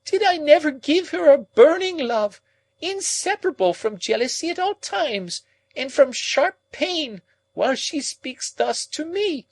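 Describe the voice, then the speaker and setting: A man reading an audiobook, voicing a grief-stricken, possessive old woman in a high, wailing, drawn-out voice. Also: sing-song, dry recording, heavily acted, low-quality recording. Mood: frantic.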